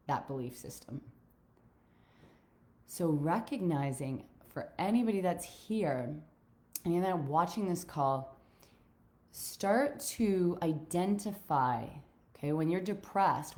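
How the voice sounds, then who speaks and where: Low-voiced woman coach, frank and profane. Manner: frank and animated, swears freely. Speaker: life coach. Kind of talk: motivational talk.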